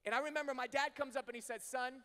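High, bright-voiced man preaching in a hall. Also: fairly even intonation, fast talker. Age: 30s. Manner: swings from hushed storytelling to shouted preaching. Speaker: pastor. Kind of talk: sermon. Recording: long hall reverb.

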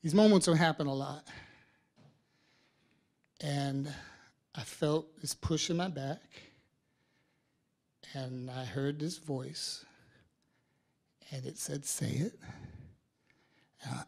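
A man in his fifties, an artist, giving a storytelling talk to an audience, acting out quoted voices and swinging between soft and loud. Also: on the high side, takes it slowly, pauses often.

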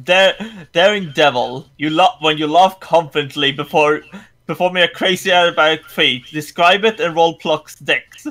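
A man at a tabletop game who stumbles through the rules as he talks. His voice is bright and tense, set a little high. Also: fairly even intonation. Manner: quick, stumbling rules talk. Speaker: player. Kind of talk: casual chat.

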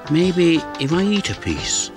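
A man's voice: on the high side, big pitch swings, a little slow, pitched above the performer's own voice. A man voicing a curious, cheerful cartoon dog who talks in a mild, wondering way. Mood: musing. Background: music.

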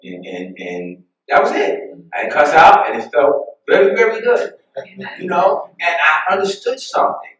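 Man, pastor, lively sermon storytelling, swooping high voice, booming church echo, distant mic. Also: moderate pace. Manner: animated, laughs at his own stories, acts out voices. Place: church sanctuary. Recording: very echoey church room, mic far off.

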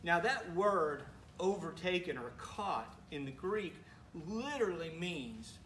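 A man preaches in a church sanctuary with an easygoing, questioning delivery and playful asides. His voice sits a touch high for a man. The recording is roomy and echoey, with the mic some distance away and a faint hiss underneath. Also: sing-song, takes it slowly, a bit bright. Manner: conversational, asks the congregation questions, teasing asides. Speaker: pastor. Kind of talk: sermon.

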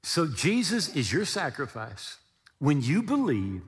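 Male pastor, sermon delivery, high and very expressive, echoing sanctuary sound. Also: a little slow. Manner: animated preaching with acted-out dialogue and humor.

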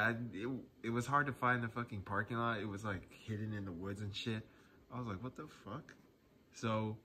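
A young man spins a casual storytime tale in a fairly low but bright, punchy voice. He talks loosely and swears freely, often breaking into chuckles, with a faint hiss of noise behind him. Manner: laid-back, profane, chuckling often.

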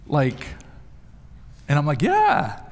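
A man's voice: a little high, normal speed. A male pastor preaching a sermon, telling stories with emphatic rises in his voice. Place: church sanctuary. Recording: long hall reverb.

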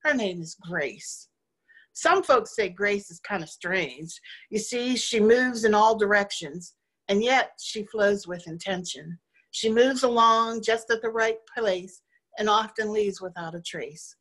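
A woman's voice: mid-range voice, a little slow, a bit bright. Woman voicing Faith: cheerful, eager, reassuring female spirit.

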